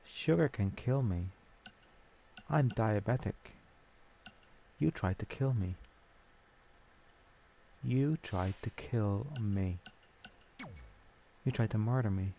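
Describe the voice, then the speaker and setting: Man putting on a shrill paranoid young woman. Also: expressive, unhurried, vocal fry, long pauses, dark tone, slight background noise. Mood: accusing.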